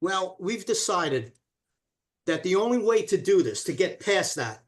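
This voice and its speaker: A man's voice: high voice, sing-song, a little slow. A man speaking as a radio guest, emphatic and persuasive. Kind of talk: casual radio interview.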